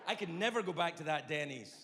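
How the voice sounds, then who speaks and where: A Scottish man doing stand-up storytelling in an animated, confessional, exaggerated way. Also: on the high side, fast talker, background noise. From Scotland. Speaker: stand-up comedian. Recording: long hall reverb, faint ambience.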